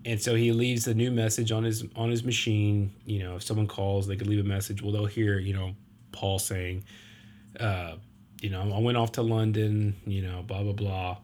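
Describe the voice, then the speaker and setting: A man's voice: fairly low pitch, completely flat delivery, normal speed, darkish tone, slight background noise. A man hosting a podcast, retelling a film plot in a casual, rambling way with lots of fillers and acted-out quotes. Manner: rambling, many fillers and restarts, acts out quotes. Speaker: podcast host.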